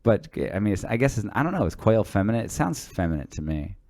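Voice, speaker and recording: A man with a low voice tells stories in a relaxed podcast chat, stumbling over his words and restarting often. His sound is close and dry, with no room echo. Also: fast. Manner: storytelling, stammering restarts, swears casually. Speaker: podcast co-host; teacher. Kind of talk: casual chat.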